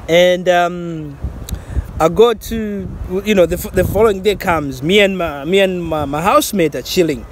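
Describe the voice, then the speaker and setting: A man's voice: high-pitched, normal speed, a little hiss or hum. A man from Zambia casually telling a personal story, rambling with many restarts and fillers and laughing at himself. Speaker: vlogger.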